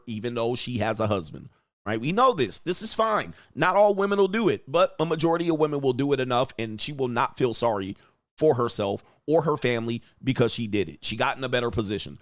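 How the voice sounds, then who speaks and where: A man's voice: medium pitch, fast talker, dry recording, studio quality. A man hosting a livestream, giving crude, combative commentary, berating his chat and laughing often. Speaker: livestream show host and dating coach.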